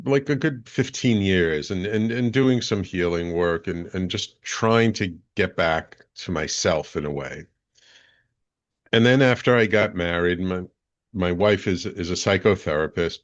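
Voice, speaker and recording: Middle-aged male coach, interview guest; low, earnest storyteller who restarts often; muffled lo-fi audio. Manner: earnest, reflective, thinks aloud with many restarts. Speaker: guest, business and life coach. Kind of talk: reflective personal storytelling in an interview.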